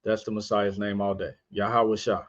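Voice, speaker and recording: Through dull lo-fi stream audio, a male podcast host teaches scripture informally while sharing his screen. He spells letters out one by one and keeps asking listeners rhetorical questions, speaking in a fairly low voice with a flat delivery at a moderate pace.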